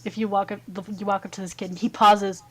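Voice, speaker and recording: A woman narrating a tabletop fantasy game as game master, relaxed with many fillers. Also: mid-range voice, fast talker, rough recording.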